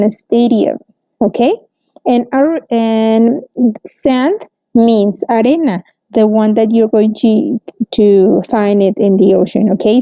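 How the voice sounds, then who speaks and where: Woman, English teacher, unhurried, dull dry recording. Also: on the high side, dark tone, no room sound. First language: Spanish. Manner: slow, careful explaining with frequent "mm-hmm" and "okay". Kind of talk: recorded language lesson. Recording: dull, muffled, close and dry.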